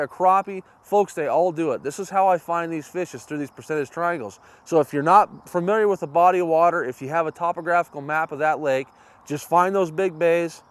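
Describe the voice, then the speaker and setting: Excitable folksy fishing-show host, man. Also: fairly high pitch, clear, resonant tone. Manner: folksy, addresses viewers as folks and guys, bursts into excited exclamations. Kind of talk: outdoor fishing instruction and excited on-water chat. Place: on a boat on a reservoir, outdoors.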